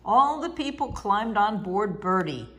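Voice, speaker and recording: A woman reads a children's picture book aloud at an unhurried pace. Her voice is lively and sing-song, rising and falling as she tells the story. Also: mid-range voice. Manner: slow, expressive, sing-song.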